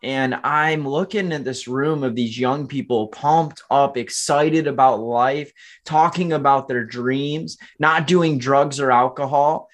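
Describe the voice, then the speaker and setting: A man in his twenties speaks slowly in a medium-pitched voice while telling his life story on a podcast. The candid interview is earnest and motivational, with frequent direct appeals to listeners.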